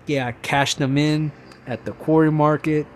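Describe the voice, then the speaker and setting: Excitable young man rambling about fandom. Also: a little high, normal speed, slight background noise. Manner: excitable fan, many fillers and restarts. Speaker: podcast host. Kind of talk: casual rambling monologue.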